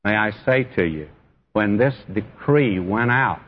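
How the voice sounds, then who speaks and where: In church, a pastor preaches in an expressive, lowish voice at a measured pace. He earnestly speaks straight to his listeners, calling them friend and beloved. The recording is dull and echoey from the church hall, with slight background noise.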